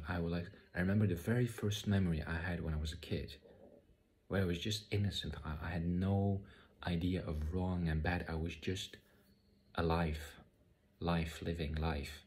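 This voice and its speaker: A man telling a personal spiritual story in a halting way, often repeating words and using many fillers. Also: low-pitched. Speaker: spiritual vlogger. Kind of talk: personal testimony monologue.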